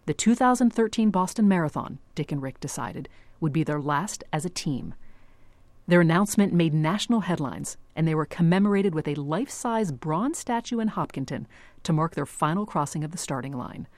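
Radio reporter: woman with a low voice, measured scripted narration. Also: expressive, a little mellow, no room sound. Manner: measured, clear storytelling.

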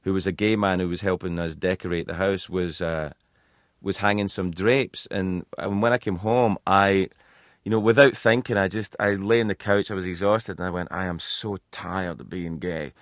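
Low-voiced man telling a rambling story. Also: fairly even intonation, moderate pace, no room sound, clean studio sound. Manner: rambling, self-deprecating storyteller. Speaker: talk show host as guest. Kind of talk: radio interview. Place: radio studio.

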